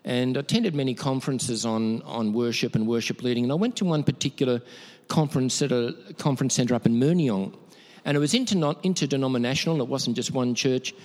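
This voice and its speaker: A man's voice: medium pitch, fairly quick, darkish tone. A middle-aged man with an Australian accent, preaching a conversational sermon full of personal stories and repeating words for emphasis. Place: church hall. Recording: long reverb from a church hall.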